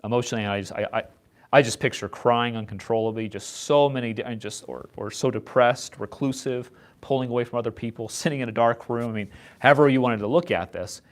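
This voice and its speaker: A man leading an informal Bible study, talking in a halting way and often repeating words as he restarts his sentences. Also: mid-range voice. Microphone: set up far from the speakers.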